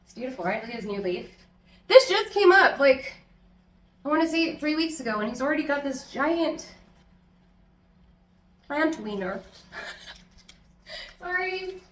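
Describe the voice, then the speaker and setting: A woman's voice: sits high, very animated, a little slow, long pauses. Chatty, swearing woman plant vlogger. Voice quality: loud, close to yelling. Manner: chatty, swears a lot, giggly, talks to her plants. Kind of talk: casual chat. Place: her home. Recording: echoey room with faint background noise.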